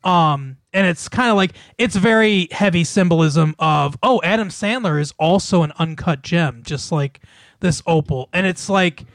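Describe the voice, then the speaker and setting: A man's voice: sits high, normal speed, no echo, studio quality. A man casually recapping a movie plot, rambling and swearing, with lots of fillers and laughs. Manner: rambling, profane, laughs often, many fillers. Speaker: podcast co-host recapping a film. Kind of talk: casual chat.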